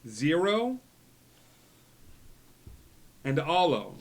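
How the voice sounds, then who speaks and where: A man running a tabletop game as game master, speaking in a relaxed way with many fillers. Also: fairly high pitch, extremely slow, creaky. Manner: relaxed, frequent filler words.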